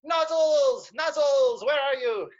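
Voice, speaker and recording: A man's voice: very high-pitched, expressive, a little slow, a bit bright, pitched above the performer's own voice, exaggerated voice. A man voicing an eager young male flying squirrel pilot in a children's story, earnest and keen to help. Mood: calling. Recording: dull, dry lo-fi stream audio.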